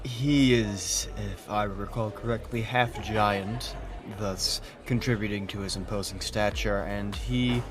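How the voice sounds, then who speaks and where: A man's voice: fairly low pitch, fairly even intonation, a little slow. A man playing a tabletop game, talking casually and unsure of himself. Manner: hesitant, questioning. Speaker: player. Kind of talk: casual chat.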